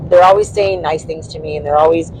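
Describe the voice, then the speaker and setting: A man's voice: on the high side, fairly even intonation, fast, darkish tone, a little hiss or hum, low-quality recording. A man co-hosting a casual chat, rambling with many fillers and laughing easily. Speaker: co-host, spouse of the host.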